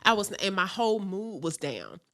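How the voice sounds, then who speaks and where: A woman co-hosting a casual podcast, talking frankly and laughing often as she tells her own stories. She is middle-aged and speaks at an ordinary pitch in a relaxed, chatty way. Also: moderate pace. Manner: frank, animated storytelling with laughter. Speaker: podcast co-host. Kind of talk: casual chat.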